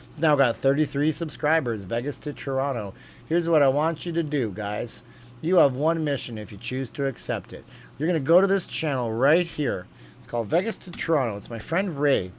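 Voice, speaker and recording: A man's voice: medium pitch, animated, moderate pace, slight background noise. A man hosting a casual livestream, reading viewer comments aloud and rambling from topic to topic with lots of fillers. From USA. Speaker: livestream host reading chat.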